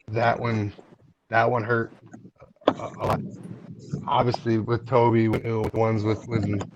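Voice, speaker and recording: A man's voice: fairly low pitch, vocal fry. A man hosting a live stream in casual chat, talking in a candid, earnest way. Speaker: livestream host. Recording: muffled lo-fi stream with background noise.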